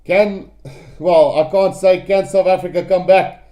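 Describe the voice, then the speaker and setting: A man calls a rugby match live, his voice pitched high for a man yet dark and mellow in tone. He speaks straight to his viewers, piling excitement onto every phase of play. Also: measured pace.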